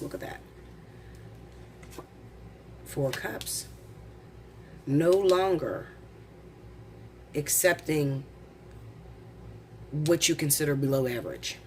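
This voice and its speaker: A woman reading tarot cards in a casual, blunt, excitable way, rushing and tripping over her words. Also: extremely low pitch, background noise. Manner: rapid, excitable, blunt with swearing. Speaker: tarot reader.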